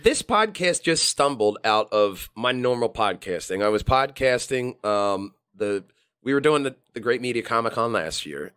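A podcast host from the Philadelphia area tells stories in easygoing conversation, switching voices as he acts out quotes. His pitch is fairly low and his tone fairly bright.

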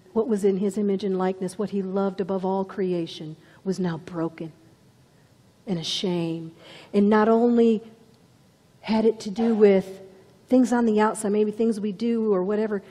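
A woman's voice: mid-range voice, mellow, long reverb tail. A woman preaching a sermon with dramatic storytelling, dropping to whispers for emphasis. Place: church.

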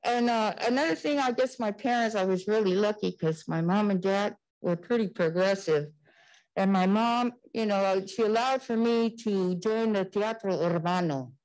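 An older woman on a community panel, recalling her school years in animated storytelling and acting out the quoted voices. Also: mid-range voice, moderate pace, rough recording. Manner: animated, acts out quoted dialogue.

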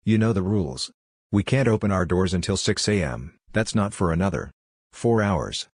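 A frightened, stern teenage sister in a horror story, urgent and pleading, as a male narrator reads her lines. The voice stays low and husky, spoken close and dry. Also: expressive, moderate pace, darkish tone, no echo, heavily acted.

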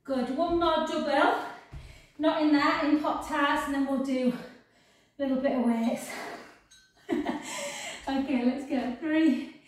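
A woman's voice: high voice, steady tone, measured pace, recorded from a distance. Breezy woman coaching a workout, echoey room. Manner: encouraging, counting out reps. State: out of breath at times. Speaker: fitness instructor. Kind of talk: workout class instruction.

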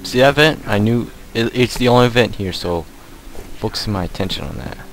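A man's voice: on the low side, expressive, moderate pace, heavy background noise. A man giving jumpy, profane commentary as he plays a horror shooter, muttering nervously to himself. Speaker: gamer. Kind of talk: gameplay commentary.

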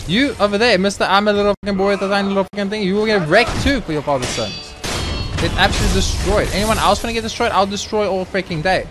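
A young man commentating his own gameplay, swearing freely and ranting in frustration, sometimes shouting at the game. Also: sits high, quick pace. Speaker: let's play gamer. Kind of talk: gaming commentary. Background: faint game music.

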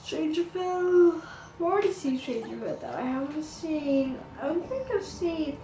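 A woman's voice: high-pitched, animated, a little slow, background noise. A woman giving casual game commentary, rambling and exasperated, with lots of filler words. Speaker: gamer. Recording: roomy echo with game music. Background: game music.

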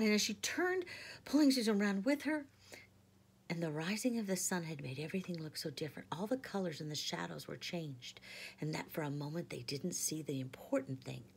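A woman teacher reading a storybook aloud in a soft, hushed, half-whispered way. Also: low voice, gravelly, a little hiss or hum.

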